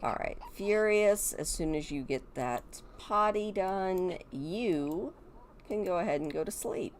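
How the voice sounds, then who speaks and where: Slow-talking Midwestern woman gamer. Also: medium pitch, lively intonation, a little hiss or hum. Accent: Midwestern American. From Michigan, USA. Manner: chatty, talks to her game characters and viewers. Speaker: gaming video creator. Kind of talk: casual game commentary.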